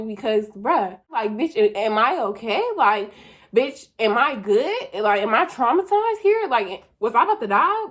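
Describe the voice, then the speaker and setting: A young woman telling a wild personal story in a casual vlog, profane and animated, full of slang. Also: fairly high pitch.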